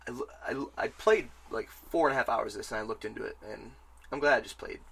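Bright-voiced man ranting about games. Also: medium pitch, fast, creaky, slightly rough. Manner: rambling, excitable, swears freely. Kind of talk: casual game chat.

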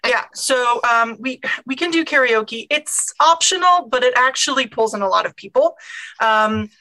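A woman's voice: a little high, animated, normal speed, pushed and bright, rough recording. A woman playing an organized, practical female bar manager who chats through a list of ideas. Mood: eager. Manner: chatty, lists ideas with fillers.

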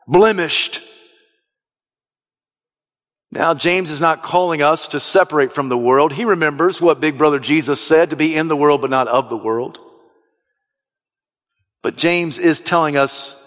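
A man preaching a sermon as pastor, swinging from soft, low asides to shouted, rising appeals. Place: church sanctuary. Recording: long reverb of a large hall.

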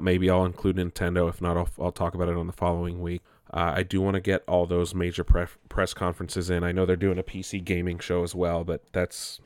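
Deep-voiced man rambling about games. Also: no echo, studio quality. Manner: rambling, frequent restarts, swears casually. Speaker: gaming commentator. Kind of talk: casual solo commentary.

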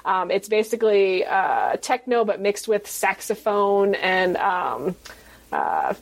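A woman's voice: medium pitch, very animated, slow, creaky. A woman author chats on a podcast in a middle-range voice. She rambles, restarts her sentences and laughs often. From United States. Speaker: guest author. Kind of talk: casual podcast interview.

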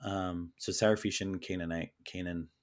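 A man being interviewed as an author, talking in an earnest, measured, reflective way. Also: deep voice, steady tone. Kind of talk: conversational interview.

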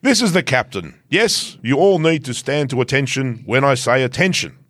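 A man's voice: mid-range voice, expressive, fairly bright tone, no room sound. A man voicing a pompous, self-important ship captain in a stiff, put-on foreign accent as a comic podcast bit. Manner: stiff commanding fake foreign accent, slow and deliberate. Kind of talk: comedic podcast skit.

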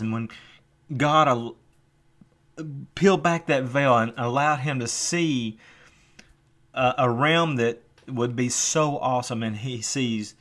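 A man's voice: medium pitch, fairly bright tone. A man preaching a sermon, earnest, often repeating words as he builds a point.

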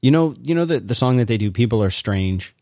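A man's voice: medium pitch, lively intonation, fairly quick, darkish tone, no echo. A man co-hosting a podcast, chatting casually in a dry, teasing, laid-back way. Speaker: podcast co-host. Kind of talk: casual chat.

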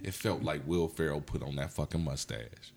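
This comedian, a guest on a casual podcast chat, sounds tipsy as he spins loose, profane stories punctuated by animated outbursts. He has a creaky bass voice and talks at a normal speed.

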